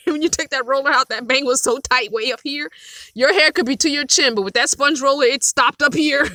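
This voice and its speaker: A woman's voice: high-pitched, moderate pace. A middle-aged woman, chatting casually on a live stream and telling stories between bursts of laughter. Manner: animated storytelling with frequent laughter. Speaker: vlogger hosting a live chat. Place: inside her van.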